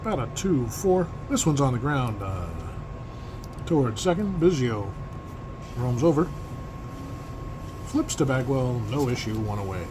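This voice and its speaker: A man in the announcer's chair for a tabletop baseball replay, calling each pitch like a radio broadcaster. His voice sits in a middle range and he breaks off now and then to check the dice. Air conditioning hums steadily behind him. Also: very animated, a little slow, pauses often. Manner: broadcaster-style calls mixed with asides about dice rolls. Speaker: replay host and play-by-play announcer. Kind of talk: mock radio play-by-play of a tabletop baseball game. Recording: air-conditioning hum in the background.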